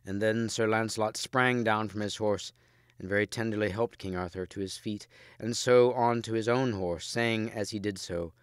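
A man reading a story aloud in steady, measured narration, close on the mic. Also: lowish voice, smooth, dry recording. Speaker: audiobook reader. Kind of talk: scripted narration.

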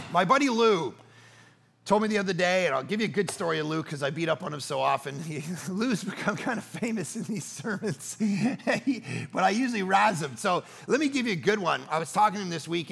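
A middle-aged man preaching a sermon as pastor, telling stories with animated swings between loud bursts and hushed, quiet passages. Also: high-pitched, vocal fry, slightly rough.

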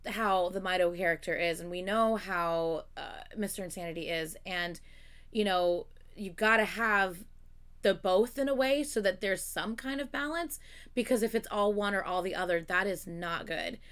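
A woman hosting a reaction video, gushing, exclaiming and swearing as she watches, excited and close to tears. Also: medium pitch, moderate pace, clean tone. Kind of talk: casual reaction commentary.

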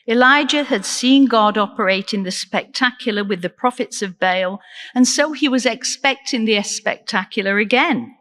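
A woman deacon preaching a sermon in an earnest, measured way, asking the congregation questions. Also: on the high side, fairly bright tone, big-room sound. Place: church.

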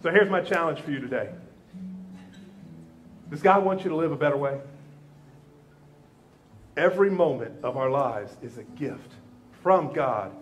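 A man preaching a Sunday sermon as the church's pastor. He tells lively stories and moves into a quiet, earnest prayer. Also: medium pitch. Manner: animated storytelling, softening into prayer. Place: church sanctuary.

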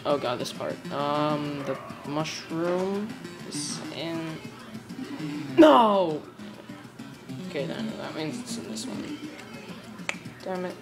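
A young woman giving animated gameplay commentary, yelping and shrieking when she fails. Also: deep voice, slow, vocal fry. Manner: animated, yelps and shrieks at failures. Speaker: gamer. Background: game music.

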